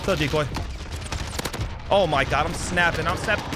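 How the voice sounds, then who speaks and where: A young man giving excited, trash-talking commentary over his own gameplay, often repeating himself. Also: fairly high pitch, moderate pace, noisy background. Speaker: gaming YouTuber. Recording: game gunfire loud behind voice. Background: gunfire and explosions from the game.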